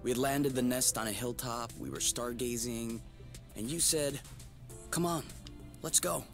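Game casting: soft-spoken, reflective young lover, mid-range voice. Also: male voice, mid-range voice, unhurried, vocal fry, faint music behind. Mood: tender. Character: gentle young man, thoughtful partner. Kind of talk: video game dialogue.

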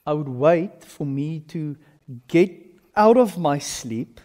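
South African male pastor, 30s, high voice, animated sermon delivery, long church-hall reverb. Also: takes it slowly. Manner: animated storytelling, swinging from loud to hushed.

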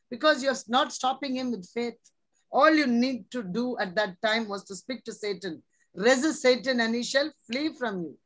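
A woman preaching a sermon with a slightly high voice. She is earnest and exhorting and keeps pressing her listeners with rhetorical questions. She sounds middle-aged. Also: rough recording. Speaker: preacher, religious sister.

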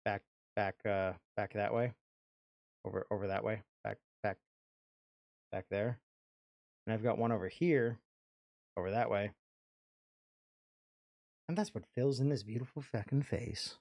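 A man's voice: fairly low pitch, a little slow, creaky, long pauses, darkish tone, dry recording, clean studio sound. A man casually commenting on his game stream, swearing freely and rambling between jokes. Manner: profane, rambling, jokey; puts on character voices. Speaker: let's play streamer.

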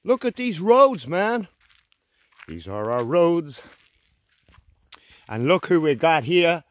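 An Irish vlogger with a fairly high, very animated voice takes his time as he chats casually and jokingly while walking through a forest. The recording sounds dry.

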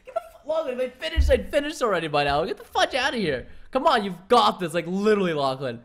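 A young man with a high, light voice talks through a game race in loose, casual commentary. He rambles with plenty of "like" and teases his rival with playful cheers. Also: very animated, fast, a bit bright. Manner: filler-heavy rambling with lots of "like". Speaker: gaming YouTuber.

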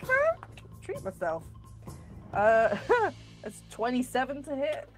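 A woman's voice: on the high side, lively intonation, slow, loud music behind the voice. A woman casually playing a tabletop game, chatty and playful, swearing now and then. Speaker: player.

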